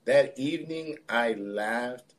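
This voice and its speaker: A man guest on a podcast interview, telling a personal story in a relaxed, reflective way with plenty of casual fillers. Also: mid-range voice, slow pace. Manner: relaxed, reflective, loose with fillers like "you know" and "like". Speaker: podcast guest, spiritualist and healer.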